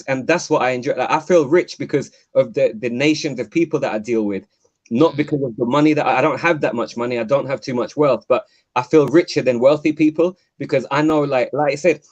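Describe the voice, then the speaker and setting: A man's voice: a little high, a little mellow. A man, calling in to a live show, telling rambling stories with lots of fillers and restarts. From London. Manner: chatty, rambling storyteller with many fillers and restarts. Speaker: caller. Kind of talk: casual chat. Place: home, call-in to live show. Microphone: video call.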